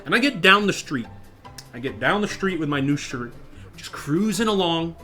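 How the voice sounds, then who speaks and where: A young man casually telling a funny personal story, acting out the people in it with a louder raised voice, over faint background music. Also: a little high, normal speed. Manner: animated, acts out quotes in louder raised voice. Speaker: storyteller and channel host. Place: online virtual social space.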